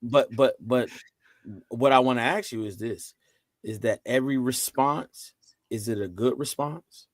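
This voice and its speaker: A man co-hosting a casual faith talk show, asking probing questions with halting restarts. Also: mid-range voice, dry recording, clean studio sound. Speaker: co-host.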